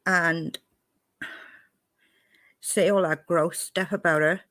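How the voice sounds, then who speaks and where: Upset and emotional, a reaction video host from Wales confronts a clip she just showed her audience with angry indignation. Her lowish, fairly bright voice stays steady and slow, with no echo in the audio.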